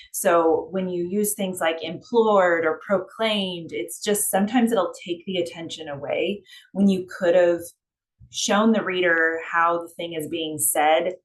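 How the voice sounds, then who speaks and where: A woman editor explaining writing tips in a loose, conversational way. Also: on the low side.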